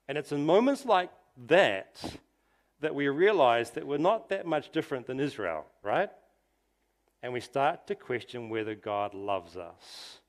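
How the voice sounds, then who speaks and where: Male pastor, delivering a sermon. Slow and deliberate, with a lively, swooping pitch. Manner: emphatic, rhetorical questions, drops to soft quiet tones for emphasis.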